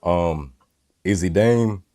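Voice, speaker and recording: A man co-hosts a casual podcast in a laid-back, joking manner, with a deep, smooth radio voice and a dark tone. He speaks slowly. The studio-quality recording, made on a new microphone, has no echo.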